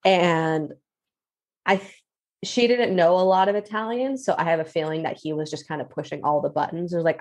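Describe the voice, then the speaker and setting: A woman guest on a casual podcast, her voice on the lower side. She tells anecdotes in an easy, relaxed way. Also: brisk. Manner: relaxed, conversational anecdotes with fillers. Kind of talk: casual chat.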